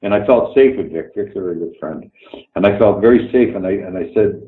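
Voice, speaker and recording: A man's voice: sits low, brisk. An older man from Canada, telling blunt, swear-laced anecdotes as an interview guest. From Canada, Toronto. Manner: blunt, swears freely, acts out quoted dialogue, chuckles through stories. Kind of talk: storytelling anecdotes in a remote interview. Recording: echoey room over a tinny phone-like line.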